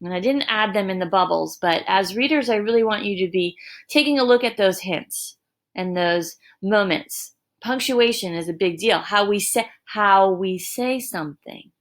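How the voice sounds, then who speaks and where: A woman teacher giving a recorded lesson, explaining deliberately with emphatic examples. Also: mid-range voice. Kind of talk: recorded distance-learning lesson. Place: home.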